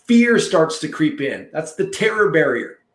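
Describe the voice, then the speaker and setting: A man's voice: a little high, very animated, unhurried, reverberant. A man coaching listeners in a punchy, preachy motivational monologue, repeating phrases for emphasis. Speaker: marketing coach.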